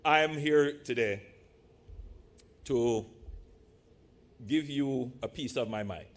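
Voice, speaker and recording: A man from Jamaica, a politician giving a measured, deliberate speech to a live audience in a large church hall, with playful asides. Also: medium pitch.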